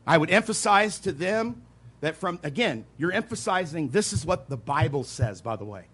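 A pastor preaching a sermon, earnest and emphatic, repeating key points, with quiet asides between louder stresses. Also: male voice, on the high side, animated, normal speed, husky. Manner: earnest preaching, emphatic repetition, occasional soft laughs.

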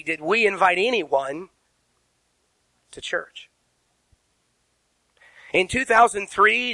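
A man preaching from the pulpit with a bright, forceful voice pitched a little high. He presses his points hard, throws questions at the congregation and spells out key words letter by letter. The sound is close and dry. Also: no room sound, poor audio. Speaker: pastor. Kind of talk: sermon. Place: church sanctuary.

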